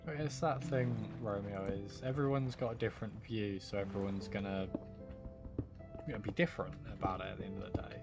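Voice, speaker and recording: Low-voiced British man streaming a game. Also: steady tone, brisk. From United Kingdom. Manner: rambling, reassuring, greets chatters by name. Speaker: livestreamer. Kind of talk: casual live-stream chat with viewers. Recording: music playing behind the voice.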